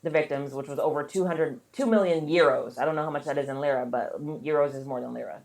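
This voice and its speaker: A woman's voice: deep voice, quick pace, creaky, darkish tone, echoey room. A woman co-hosting a podcast, casually retelling a story with lots of fillers and swearing. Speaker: podcast co-host. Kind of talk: casual chat.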